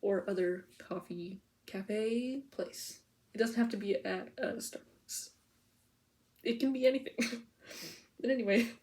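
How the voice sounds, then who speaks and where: A woman's voice: mid-range voice, measured pace, long pauses, darkish tone. A woman vlogger chatting casually to the camera, rambling and giggly, full of "like" and "okay?" as she info-dumps. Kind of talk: casual POV chat to camera.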